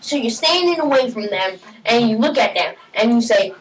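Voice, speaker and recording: A woman with a high voice rambles through a deadpan mock-advice comedy bit, now and then bursting into shouts. She is recorded at home through a computer webcam that sits a little away from her, and a faint hiss runs underneath. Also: moderate pace, hardly any pauses, recorded from a distance, poor audio. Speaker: comedy vlogger.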